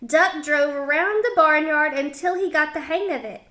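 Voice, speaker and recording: A woman's voice: high-pitched, lively intonation, normal speed, bright, forceful tone. A woman teacher reading a picture book aloud to children, stopping to explain words and ask them questions. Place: home kitchen.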